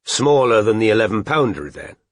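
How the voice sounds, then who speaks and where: A man doing a gruff, awkward private detective. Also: very animated, no room sound. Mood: wry. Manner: low, halting and careful.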